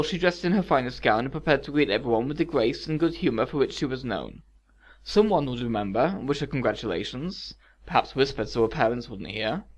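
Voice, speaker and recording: A man reading a dark fairy tale aloud in a measured, expressive way as a storyteller. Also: mid-range voice, dull audio. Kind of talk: scripted fairy-tale narration.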